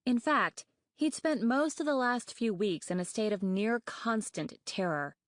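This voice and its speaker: A woman narrating an audiobook in a measured, expressive reading voice. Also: on the high side, no echo, studio quality. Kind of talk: scripted narration.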